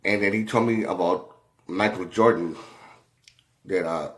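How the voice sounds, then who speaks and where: A man telling a rambling story in a casual way, halting often, with many fillers and restarts and a lot of swearing. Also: low-pitched, a bit bright. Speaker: commentator.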